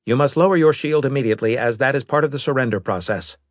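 A man's voice: mid-range voice, fast, no echo, studio quality, pitched above the performer's own voice, lightly acted. A man voicing a rigid alien robot that speaks in a stiff, formal, insistent way. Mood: demanding.

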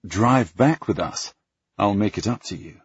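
A man's voice: on the low side, animated, measured pace, husky, dry recording, voice pushed up, full character voice. A man doing a breezy young nobleman. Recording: dull lo-fi dry recording.

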